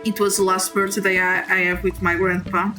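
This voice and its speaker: Halting, heartfelt young woman gamer. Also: mid-range voice, little pitch movement, music in the background, poor audio. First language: a language other than English. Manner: halting, heartfelt and confessional, with frequent restarts; apologetic, reassuring her viewers. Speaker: gaming streamer. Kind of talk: casual confiding chat while playing a game.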